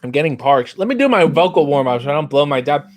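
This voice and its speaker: A man's voice: fairly high pitch, very animated, fast. A man hosting a casual livestream, reading viewer comments aloud and riffing on them in a dry, wry way. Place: dark room with a black backdrop.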